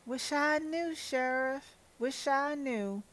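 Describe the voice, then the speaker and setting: Tough, guarded widow from a story game, read by a woman; dry and clipped, slow. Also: high voice, a bit bright, pitched above the performer's own voice.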